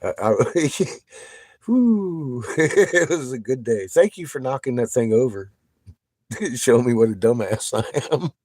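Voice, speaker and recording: A man chatting casually with viewers on a livestream. He swears constantly, gets excited and laughs often. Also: mid-range voice, slow pace, dry recording.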